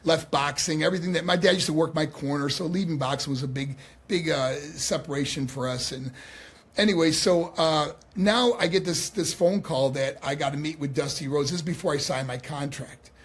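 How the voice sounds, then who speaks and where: Guest man, 60s, from New York, husky, lively, acts out his anecdotes. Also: fairly high pitch, fairly quick. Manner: animated, acts out quotes, laughs often. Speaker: guest, former pro wrestler. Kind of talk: storytelling in a podcast conversation.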